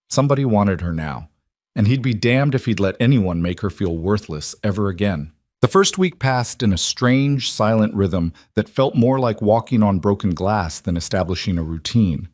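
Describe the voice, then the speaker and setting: A man with a fairly low voice reads a story in a calm, measured way. The sound is dry and close, with no room around it. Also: no room sound. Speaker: narrator. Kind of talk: scripted audiobook narration.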